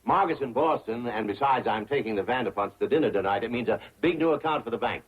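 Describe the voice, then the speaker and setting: An actor playing a fussy, prim middle-aged banker who sputters when flustered. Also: male voice, medium pitch, fast talker, lightly acted. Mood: stuffy. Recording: dull old TV audio, slightly husky.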